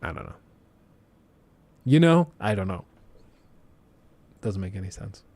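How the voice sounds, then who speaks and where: A man's voice: lowish voice, lively intonation, slow, long pauses, darkish tone. A man chatting casually on a live stream, rambling loosely and slipping into impressions of others.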